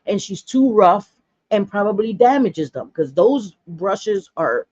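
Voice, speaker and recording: A woman's voice: mid-range voice, lively intonation, takes it slowly, darkish tone, dull audio. A woman in her forties chatting bluntly through a makeup tutorial, gossipy and full of dramatic asides. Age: 40s. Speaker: makeup vlogger.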